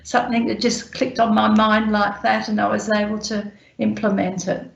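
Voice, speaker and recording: A woman's voice: mid-range voice, flat delivery, moderate pace, gravelly. A woman on a webinar telling stories from her care work, acting out the conversations she remembers. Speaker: guest speaker sharing care experiences. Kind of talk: anecdotal storytelling on a webinar. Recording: echoey and dull video call.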